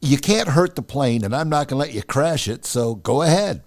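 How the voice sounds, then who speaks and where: A man's voice: mid-range voice, animated, normal speed, close to an everyday voice. A man voicing an easygoing male fighter pilot who teases with dry, laid-back remarks. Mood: teasing.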